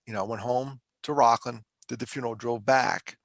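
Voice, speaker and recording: A man's voice: mid-range voice, fairly even intonation, a little fast, vocal fry, dry recording. A middle-aged man from Pennsylvania, a podcast guest and mental health speaker, telling his story candidly in a conversational, emotional, self-deprecating way.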